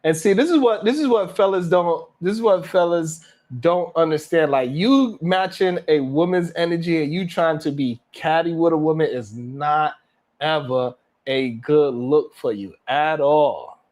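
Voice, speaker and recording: A man's voice: fairly high pitch, unhurried, darkish tone. Blunt slangy man hosting a stream. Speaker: live stream host. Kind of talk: casual reaction commentary.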